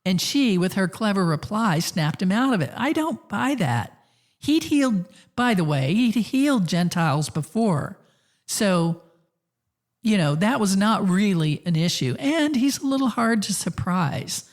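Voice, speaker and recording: A woman's voice: medium pitch, very animated, a little slow. A woman hosting a podcast, telling stories in casual conversation and laughing often as she goes. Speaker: podcast host.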